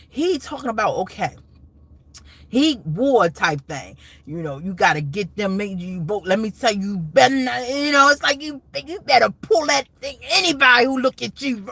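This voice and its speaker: A woman's voice: fairly high pitch, lively intonation, moderate pace, a bit bright, breathy edge, no echo. A woman hosting a casual live stream, talking in a rambling, emotional way with many restarts and asides.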